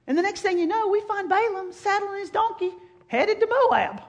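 A woman preacher retelling a scripture story in a sermon, with animated storytelling that swings from loud to hushed. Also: very high-pitched, normal speed, highs cut off.

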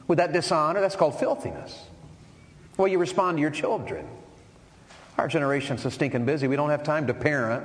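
A middle-aged man preaching a sermon in a folksy way and asking the congregation questions. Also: medium pitch. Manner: folksy, asks the crowd questions. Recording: long hall reverb.

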